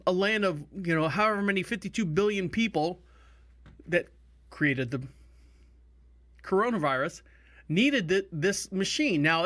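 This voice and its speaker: A man's voice: high-pitched, sharp tone. A man hosting a talk radio show from the studio, rambling and chatty with asides. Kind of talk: casual talk radio monologue.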